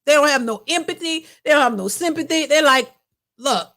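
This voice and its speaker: Brief: high-pitched woman host, casual reaction commentary, blunt and emphatic. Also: fast, fairly bright tone. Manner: blunt, emphatic, repeats her points.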